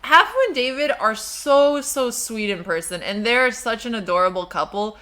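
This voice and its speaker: A young woman hosting a livestream, reading viewer messages and chatting casually in a self-deprecating way, quick to laugh. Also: fairly high pitch, sharp tone. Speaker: livestream host.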